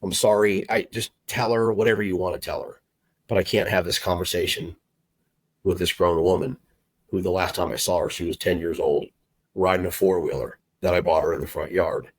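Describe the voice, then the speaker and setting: A middle-aged man telling his personal story as a podcast guest, heartfelt and halting, with many fillers and restarts. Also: low-pitched, level tone, dry recording, low-quality recording. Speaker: guest, recruiter and agency owner.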